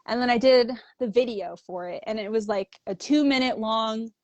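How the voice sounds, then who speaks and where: A woman's voice: a little high, moderate pace, a little mellow, no room sound, dull audio. A young adult woman telling stories as a guest in a casual interview, chatty and full of "like". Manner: chatty, fills speech with "like", acts out quoted dialogue.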